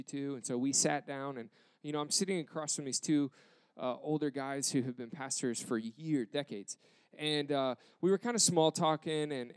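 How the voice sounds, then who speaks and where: A man in a casual storytelling style, retelling an embarrassing moment with self-deprecating, animated quoted dialogue. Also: medium pitch, clean tone, no room sound.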